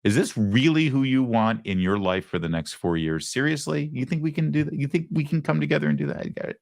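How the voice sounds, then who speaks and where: Guy doing an exaggerated sing-song politician impression, raised pitch, mocking. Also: sing-song, a little fast, creaky, darkish tone, a little hiss or hum.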